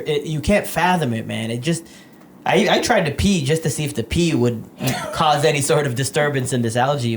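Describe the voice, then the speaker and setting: A man's voice: mid-range voice, slight background noise. A young man hosting a podcast, telling rambling stories in casual chat and laughing often. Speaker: podcast host.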